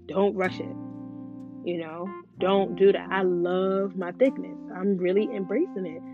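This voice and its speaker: A woman's voice: mid-range voice, steady tone, a little slow. A woman talking frankly and casually to her viewers, often saying "you know". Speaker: vlogger. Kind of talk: casual talk to camera. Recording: dull lo-fi sound. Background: guitar music playing.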